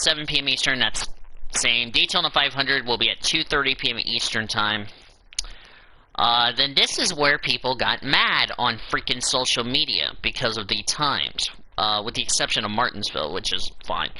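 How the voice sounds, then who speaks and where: A man hosts a casual talk show, running down a list and tossing in fed-up remarks. His voice is very bright and sharp. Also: medium pitch, rough recording. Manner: reads out a schedule with exasperated asides. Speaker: show host. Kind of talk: casual podcast commentary.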